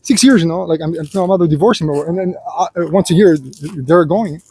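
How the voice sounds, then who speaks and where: A man's voice: a little high, brisk, mellow, breathy edge. A man speaking in an unscripted personal monologue, rambling and full of filler phrases as he lectures the listener and calls him "son". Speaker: vlogger.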